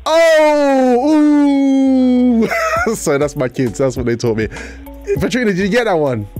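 A man hosting a casual chat show, animated and quick to laugh, sometimes breaking into sing-song. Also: medium pitch, faint music behind. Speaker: host.

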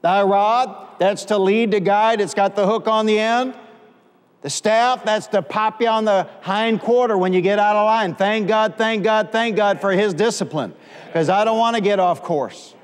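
High-voiced preaching man in a reverberant hall. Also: moderate pace, clean tone. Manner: call-and-response, rising to shouts. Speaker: pastor. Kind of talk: preaching a sermon. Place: church sanctuary.

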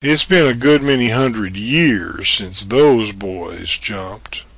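Guy playing a level-headed adventurer in an audio drama, steady, slow-paced, bossy. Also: on the low side, gravelly, slightly rough, heavily acted. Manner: brisk, commanding, level-headed. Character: bold adventurous man exploring a castle.

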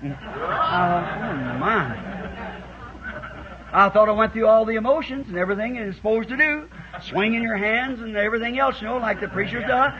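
On a dull 1960s tape, a man preaches to a church congregation in folksy storytelling style, acting out quoted voices and building to shouts. His voice sits high, at a moderate pace with frequent pauses, over a noisy background.

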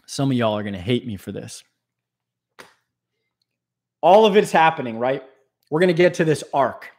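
A man hosting an aquarium channel, talking in an animated, rambling, jokey way on a live stream. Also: medium pitch, normal speed. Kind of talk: casual live-stream talk.

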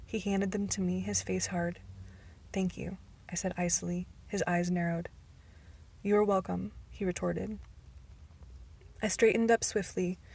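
Amateur woman reading a novel out loud, flat voice, careful, stumbles sometimes, whispery bits. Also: mid-range voice. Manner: careful, occasionally stumbling, drops to soft whispers. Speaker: amateur audiobook reader. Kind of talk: first-person novel narration.

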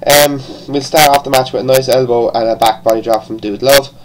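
A man's voice: medium pitch, steady tone, brisk, low-quality recording. Rambling Irish man reviewing casually. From born in England, raised partly in Ireland. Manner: rambling, with frequent restarts and casual swearing. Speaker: wrestling show reviewer.

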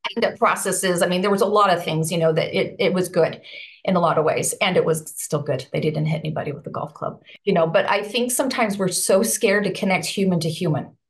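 A woman chats as a podcast guest, spinning a story with animated energy. Her voice leaps high whenever she acts out what someone said. She leans on "like" and "you know" and talks to listeners as friends, in a relaxed, conversational way. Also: fairly quick. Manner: animated, acts out quoted voices with big pitch swings.

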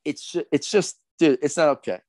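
A man's voice: fairly high pitch, normal speed, a little mellow, dry recording. A middle-aged man, a skateboarder guest on a podcast, ranting heatedly with lots of swearing and repeated fillers. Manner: profane, fired up, repetitive fillers.

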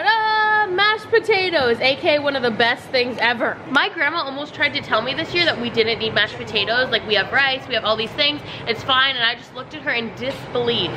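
A young woman vlogs in an upbeat, chatty way, her voice slightly stuffy from a blocked nose. Her voice sits fairly high. The phone recording carries a clear layer of background noise. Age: young adult. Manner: chatty, upbeat, talks straight to camera. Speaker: vlogger. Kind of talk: casual vlog chat.

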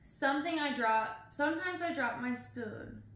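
A woman reading as a shy little boy in a storybook poem, confiding quietly. His lines come slowly and brightly, in a small room with an echo. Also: sits high, pitched above the performer's own voice.

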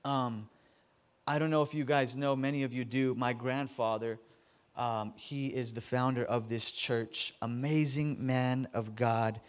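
A man in his thirties, a pastor, jokes his way through a casual sermon in a church sanctuary, frequently stammering and repeating words. His voice is medium in pitch, fairly even in intonation, and unhurried.

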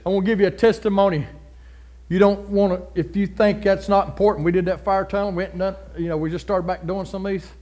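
A middle-aged male pastor preaching a sermon, folksy and down to earth, building into loud, fervent passages. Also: high voice, flat delivery, fast.

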